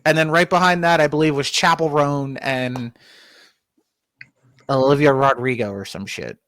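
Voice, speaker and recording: A man hosting a casual podcast, teasing his co-host with deadpan news. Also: mid-range voice, normal speed, no room sound. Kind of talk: casual comedic chat.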